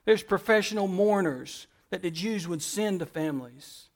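A man with a high voice preaches from a church pulpit. He drives his points home with repeated phrases and lets his volume swell and fall as he goes. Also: normal speed. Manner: preaching with emphatic repetition, swinging between soft and loud. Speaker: pastor. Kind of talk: sermon.

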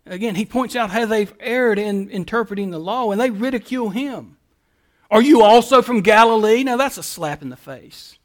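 A man's voice: high-pitched, expressive, normal speed. A man pastor preaching a sermon, building emphatic lists and rhetorical questions.

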